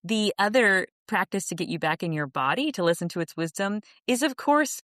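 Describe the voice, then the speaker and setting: A woman's voice: mid-range voice, animated, fairly quick, a bit bright, dry recording, studio quality. A woman guest on a podcast, talking in a casual, earnest, reflective way with frequent restarts and easy laughter. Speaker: podcast guest, author and coach. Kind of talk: casual interview conversation.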